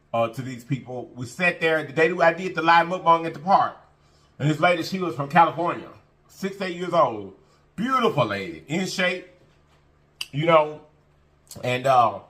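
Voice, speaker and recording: Lively, bright-voiced man preaching to viewers. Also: a little high. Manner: earnest and preachy, repeats phrases, calls the audience "y'all". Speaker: mukbang eating-show host. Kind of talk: casual heartfelt talk to camera.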